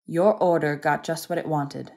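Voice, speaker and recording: A cold, bitter young man, read by a woman in an audiobook, his words clipped and bland. Her voice stays low and unhurried. He sounds drained and resentful. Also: steady tone, vocal fry, a little mellow.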